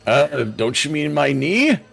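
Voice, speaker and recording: A man's voice: fairly high pitch, sing-song, takes it slowly, creaky, fairly bright tone, soft background music, pitched above the performer's own voice, full character voice. A man voicing a nervous, flustered old male shopkeeper who stammers and stays overly polite in a tabletop game.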